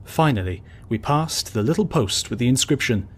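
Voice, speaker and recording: A man reading a travel story aloud as an audiobook narrator, measured and steady. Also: mid-range voice, slightly rough. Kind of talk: scripted narration.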